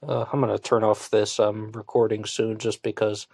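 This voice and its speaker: A man's voice: lowish voice, level tone, moderate pace, creaky, darkish tone, no echo, clean studio sound. A man hosting a solo podcast in casual commentary, blunt and scornful, with frequent fillers and swearing. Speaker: podcast host.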